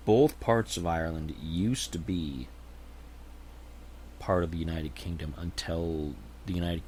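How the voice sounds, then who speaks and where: Man, deep voice, casual solo chat, rambling, hedging, self-correcting. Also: a little hiss or hum. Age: adult with a young daughter. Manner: rambling, unsure, often hedges and restarts. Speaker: channel host.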